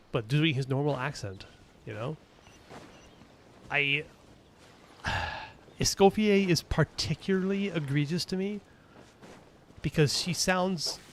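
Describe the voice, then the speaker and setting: A man's voice: mid-range voice, a little hiss or hum. Rambling man chatting over gameplay. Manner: rambling, chatty, thinks aloud and answers chat. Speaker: gaming streamer. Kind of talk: casual gaming commentary.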